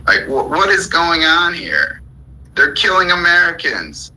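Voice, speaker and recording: A man's voice: fairly high pitch, sing-song, measured pace, sharp tone, rough recording. A man hosting a live audio chat room, ranting heatedly about politics with plenty of profanity. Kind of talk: angry political rant.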